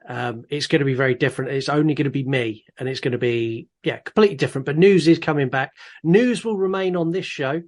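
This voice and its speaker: A man hosting a horror film podcast in casual chat, easygoing and teasing, with lots of ums. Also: on the high side. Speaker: podcast host.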